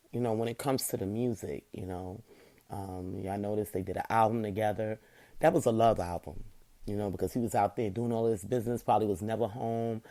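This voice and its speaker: A woman, talking earnestly to her viewers and saying "you know" over and over. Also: very deep voice. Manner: emphatic, repeats "you know" often. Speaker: online show host. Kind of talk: casual heartfelt talk to viewers.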